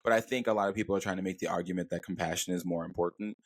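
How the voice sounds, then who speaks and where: A man's voice: sits low, fairly even intonation, racing, no echo, studio quality. A man co-hosting a podcast, talking things through thoughtfully with many hedges and fillers. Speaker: podcast co-host. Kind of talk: casual conversation.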